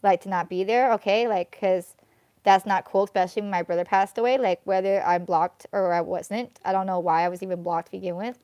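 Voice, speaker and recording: A woman's voice: medium pitch, a little mellow, clear, resonant tone, dry recording, studio quality. Rambling woman reading tarot live. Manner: rambling, venting, heavy use of fillers such as "like" and "you know what I mean". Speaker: tarot reader.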